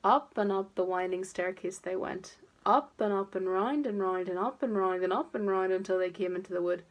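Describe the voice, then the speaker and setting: A woman teacher reading a picture book aloud to toddlers, expressive and gently coaxing. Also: medium pitch, normal speed, lo-fi sound. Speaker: preschool teacher.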